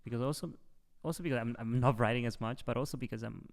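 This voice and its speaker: A man who is a guest comedian on a podcast, chatting casually and often pausing to search for his words. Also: medium pitch, fairly even intonation. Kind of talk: casual chat.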